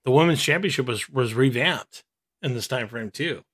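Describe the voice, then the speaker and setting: A man's voice: mid-range voice, moderate pace, a bit bright. A man co-hosting a podcast in easygoing casual chat, steering the conversation. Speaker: podcast co-host.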